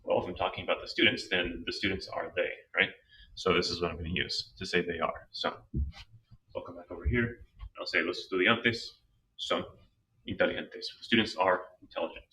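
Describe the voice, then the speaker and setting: A man teaching a slow, patient language lesson, talking through each step of his reasoning. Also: low voice, steady tone, pushed and bright, far from the mic, a little hiss or hum, rough recording. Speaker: Spanish teacher.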